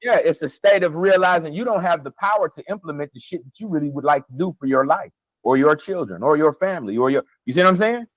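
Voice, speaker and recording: High-voiced, profane man. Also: expressive, fast, no room sound, dull audio. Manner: emphatic, profane, laughing often. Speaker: podcast co-host. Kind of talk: heated casual conversation.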